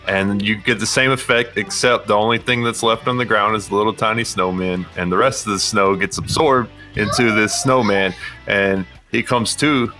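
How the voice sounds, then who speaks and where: A man's voice: fairly low pitch, steady tone, moderate pace, bright, forceful tone, soft background music. A young man narrating casually as game master, laughing and swearing freely.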